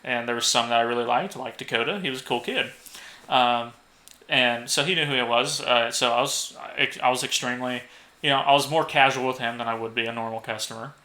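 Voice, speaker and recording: Bright-voiced young man telling stories. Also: medium pitch, brisk. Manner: swears freely, laughs at own stories, acts out quoted lines. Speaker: podcast co-host. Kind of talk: casual storytelling.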